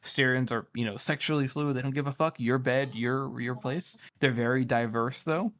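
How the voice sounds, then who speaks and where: A man co-hosting a casual book discussion podcast, speaking at a mid pitch. He rambles and thinks aloud, circling his point with fillers before landing it. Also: fairly even intonation, moderate pace, a bit bright. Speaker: podcast co-host.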